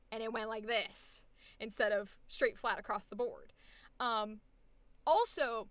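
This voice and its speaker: A woman, a voice acting coach, directing a live session with an animated, emphatic, directive manner. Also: on the high side, normal speed, no echo.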